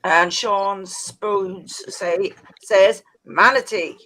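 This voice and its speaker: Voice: medium pitch, fairly even intonation, drawn-out words, bright, forceful tone. Easygoing, jokey, casual stream chat.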